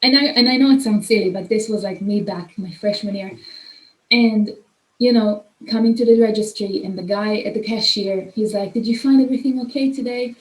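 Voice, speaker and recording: A young woman who isn't a native English speaker hosts a casual online mentoring workshop, gushing and chatty with plenty of fillers. Her mid-range voice keeps a steady tone at a normal speed. The audio is poor, with an echoey room.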